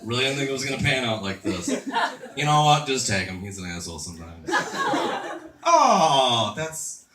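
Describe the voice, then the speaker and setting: Male stand-up, 30s, crude crowd-work style, animated delivery, roomy distant club recording. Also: mid-range voice, normal speed, heavy background noise. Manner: crude, self-mocking, chatty with the crowd. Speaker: stand-up comedian. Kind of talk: stand-up comedy set. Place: comedy club stage before a laughing crowd. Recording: echoey club room, mic heard from a distance.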